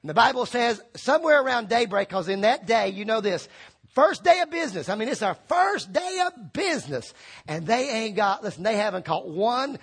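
Animated gravelly preacher man. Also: sits high, normal speed. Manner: animated, acts out quoted voices, shouts for emphasis. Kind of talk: lively sermon.

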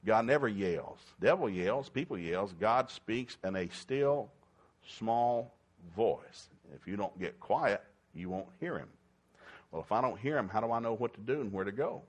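An older man with a slightly low voice preaches in a folksy, storytelling way. He keeps the sermon lively, breaking into sudden emphatic bursts as he drives home his points. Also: measured pace, breathy edge.

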